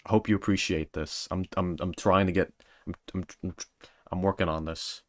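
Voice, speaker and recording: A man's voice: low voice, fairly even intonation, normal speed, dry recording. A man streaming and reading viewer comments in a joking, self-mocking casual chat.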